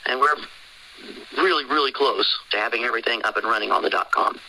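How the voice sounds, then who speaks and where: A man's voice: mid-range voice, fast talker, sharp tone, poor audio. A man hosting a call, pressing listeners with rhetorical questions in an insistent tone. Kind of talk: sermon-style call talk.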